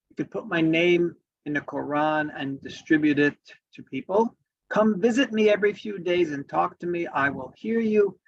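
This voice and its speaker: A man's voice: fairly high pitch, gravelly, slightly rough. A man giving an earnest, emphatic spoken presentation, reading out quoted examples as he goes. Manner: earnest, emphatic, with frequent restarts. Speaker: advocacy speaker. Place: in Washington. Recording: dull lo-fi recording.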